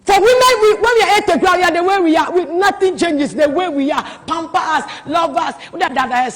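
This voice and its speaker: A high-pitched woman preaches to a gathering, swinging between hushed asides and loud, emphatic outbursts. Her voice rings with a long hall reverb. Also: fairly quick, hardly any pauses, a little hiss or hum. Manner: animated, swings from soft to loud exclamations. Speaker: prophetess. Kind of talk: preaching at a marriage conference.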